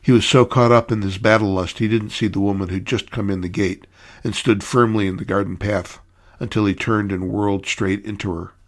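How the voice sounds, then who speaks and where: Low-voiced man narrating a story. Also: steady tone, fairly quick.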